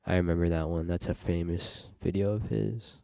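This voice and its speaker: A man's voice: low voice, fairly even intonation, moderate pace, creaky, mellow, clean tone, no echo. A man streaming live, tossing out mumbled, offhand asides as he reacts to a video. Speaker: livestream host. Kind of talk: casual reaction commentary.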